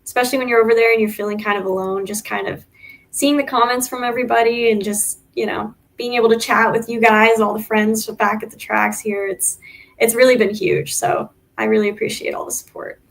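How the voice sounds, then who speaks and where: Woman, racer guest, higher pitch, friendly, relaxed, casual interview. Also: fairly quick, creaky. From United States. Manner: friendly, relaxed, uses fillers like um and so.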